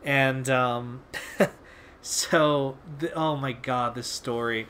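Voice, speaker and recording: A man's voice: medium pitch, steady tone, very slow, fairly bright tone, slight background noise. A young man hosting a video, telling a casual story in a rambling, laid-back way with lots of fillers and swearing. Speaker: video host.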